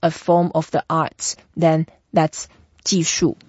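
A woman's voice: sits low, little pitch movement, takes it slowly, darkish tone, husky. A woman hosting a language lesson who patiently explains and models each sound, step by step, for her guest to repeat. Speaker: Chinese language teacher and host. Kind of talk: teaching pronunciation in an interview. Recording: dull, muffled lo-fi sound.

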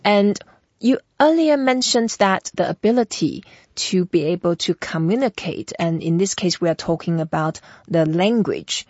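Woman teacher-host, patient, step-by-step explainer, somewhat low voice, dry and muffled lo-fi sound. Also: expressive, moderate pace, darkish tone, no room sound. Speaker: Chinese language teacher and host. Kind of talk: teaching pronunciation in an interview.

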